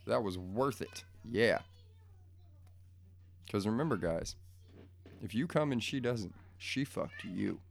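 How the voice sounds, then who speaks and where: This vlogger rants to his viewers from a room at home, profane and crude, rambling and easily pulled off track in a casual way. His lowish, gravelly voice is animated but slow, broken up by long pauses.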